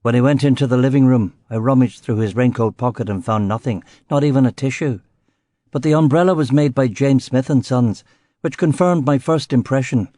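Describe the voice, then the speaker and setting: A man's voice: mid-range voice, brisk, mellow, no echo. A man narrating a first-person crime novel in a terse, dry, wry way. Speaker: audiobook narrator.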